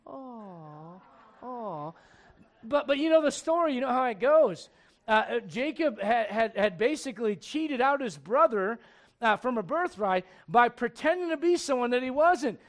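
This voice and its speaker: A man preaching a sermon, telling a Bible story in a lively, conversational way, acting out the characters and asking his listeners questions. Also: extremely high pitch, moderate pace. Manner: animated storytelling, acts out characters, asks the crowd questions. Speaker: pastor.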